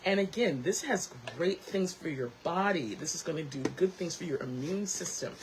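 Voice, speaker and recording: A woman hosting her own tea talk show, chatting casually to camera, lively and quick to laugh. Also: on the low side, background noise.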